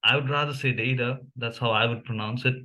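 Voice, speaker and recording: A man's voice: medium pitch, fairly even intonation, fast talker, sharp tone. A young man from India with an Indian English accent, whose first language is Malayalam, musing casually with many fillers and restarts. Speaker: language vlogger. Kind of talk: casual commentary reviewing memes.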